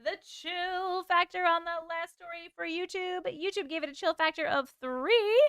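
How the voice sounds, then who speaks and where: A woman's voice: extremely high pitch, steady tone, normal speed, bright, forceful tone, a little hiss or hum. A woman hosting a live stream, chatting casually with viewers, laughing often and swearing now and then, then reading their stories aloud.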